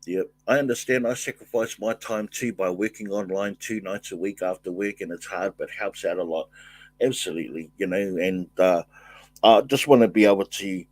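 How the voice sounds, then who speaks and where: An older man hosts a laid-back livestream chat, greeting viewers by name and answering comments. His voice sits a little low and sounds dry and close. He talks in halting bursts, full of restarts and fillers. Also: no echo. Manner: halting, warm thanks, frequent fillers and restarts. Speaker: livestream host. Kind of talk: casual live chat, reading viewer comments aloud.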